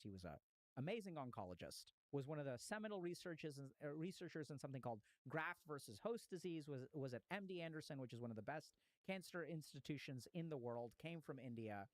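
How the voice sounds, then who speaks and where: A man, a psychiatrist, telling a story in a casual, animated way, with slang and swearing. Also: a little high, no room sound, rough recording.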